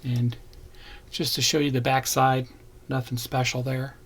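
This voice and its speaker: A man with a gravelly, creaky voice talks through a model kit review in a casual, unhurried way. He points out each part as he goes and names what is on each tree. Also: medium pitch, flat delivery, fairly bright tone. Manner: plain, unhurried, points out parts as he shows them. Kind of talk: casual unboxing narration.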